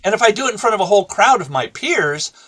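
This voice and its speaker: A man's voice: sits high, very animated, quick pace, a bit bright. A man, a former teacher, telling a story from his classroom in an interview and acting out both sides of the conversation. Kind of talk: storytelling in a talk show interview.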